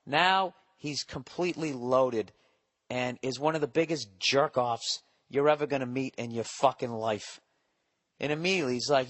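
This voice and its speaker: A podcast host tells a comic story in a rambling, profane and exasperated monologue. His voice is medium-pitched and moves at a moderate pace.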